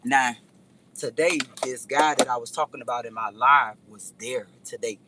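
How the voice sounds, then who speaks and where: Her voice very deep and her pace normal, a woman vlogger rambles animatedly through a story, addressing her viewers directly in casual chat. Background noise runs under the clip.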